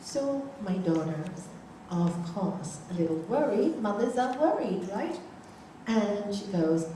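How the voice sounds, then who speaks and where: A woman's voice: mid-range voice, lively intonation, a little slow, dark tone. An older woman teaching yoga and meditation, telling stories and asking her listeners rhetorical questions. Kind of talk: spiritual teaching talk with anecdotes. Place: large room, talk to a group. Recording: very echoey room, voice from far off, faint background noise.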